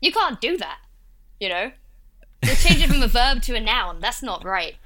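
Young woman from Essex, Essex accent, bright, playful podcast co-host, animated banter. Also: a little high, normal speed. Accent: Essex English. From Essex, England. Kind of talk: casual podcast chat.

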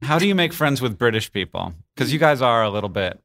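A man's voice: medium pitch, big pitch swings, a bit bright. A man hosting a comedy podcast in front of a live audience, joking and asking questions. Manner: jokey, playful, quick asides. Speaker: podcast host. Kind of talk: casual live podcast chat. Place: stage before a live audience.

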